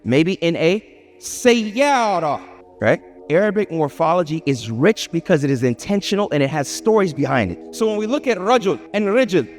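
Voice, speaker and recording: Animated male lecturer in an echoing hall. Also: a little high, moderate pace. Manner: animated, asks the audience questions, acts out little scenes. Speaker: Islamic speaker. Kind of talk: lively public lecture with audience interplay. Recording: hall reverb with faint music.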